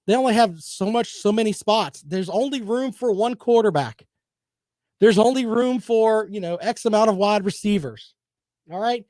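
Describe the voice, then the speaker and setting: A man's voice: high-pitched, a little mellow, no room sound, clean studio sound. A man hosting a sports talk show, delivering opinionated, sarcastic commentary in a combative, rambling way.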